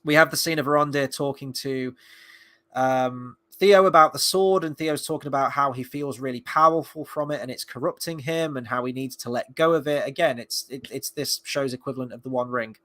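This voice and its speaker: A man's voice: medium pitch, fairly quick, bright, forceful tone. A man giving a casual spoken review of a TV episode, rambling and sarcastic, with frequent fillers and restarts. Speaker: film and TV reviewer.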